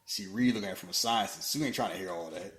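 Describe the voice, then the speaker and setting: A man co-hosting a podcast, joking his way through a movie recap in casual banter and slipping into quick character bits. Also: lowish voice, a bit bright. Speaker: podcast co-host.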